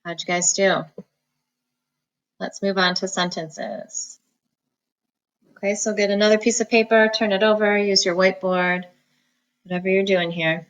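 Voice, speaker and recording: A woman teacher giving an online phonics lesson, dictating sentences slowly and sounding out each syllable. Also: mid-range voice, steady tone, rough recording. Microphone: recorded at a computer for students at home.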